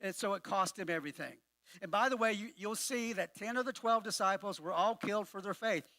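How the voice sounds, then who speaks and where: A man's voice: high-pitched, fairly quick, sharp tone, no echo. A man pastor preaching a sermon in a conversational way, often repeating words as he restarts, with wry humorous asides. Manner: conversational with frequent word repetitions.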